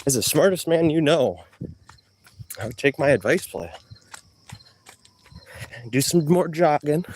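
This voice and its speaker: A man's voice: a little high, lively intonation, measured pace, darkish tone, slight background noise. A man rambling and trash-talking in a joking way during a live stream outdoors. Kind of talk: rambling live-stream chat while jogging.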